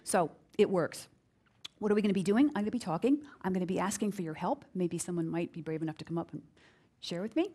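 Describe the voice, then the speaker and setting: Energetic woman leading a business workshop. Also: quick pace. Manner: energetic, emphatic, repeats key phrases; acts out quoted voices with big pitch jumps. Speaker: speaker giving a business workshop. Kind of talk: live workshop talk to an audience.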